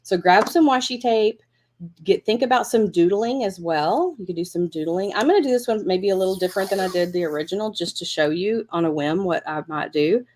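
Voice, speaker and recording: A woman's voice: medium pitch, animated, a little fast, a little mellow, slight background noise. Chatty woman hosting a crafting class. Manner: chatty, encouraging, thinks aloud while working. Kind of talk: live crafting tutorial.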